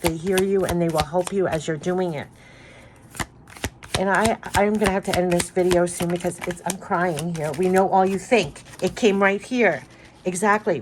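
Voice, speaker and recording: A woman with a fairly low voice gives a spiritual card reading to her viewers. She talks earnestly and effusively, circling back to the same reassuring messages. Faint background noise sits under her voice. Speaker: tarot card reader.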